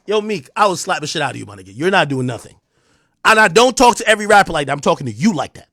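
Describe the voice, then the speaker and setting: A man with a New Jersey accent hosting a livestream, delivering a heated, taunting rant that swings between loud jabs and low mutters. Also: very animated, very fast, dry recording, studio quality. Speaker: livestream host. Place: home streaming room.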